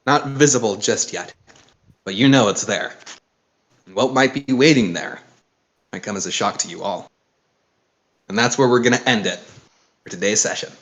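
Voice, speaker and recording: A man running a tabletop role-playing game, narrating and chatting in a halting way. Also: on the low side. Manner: animated, halting with fillers. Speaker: game master.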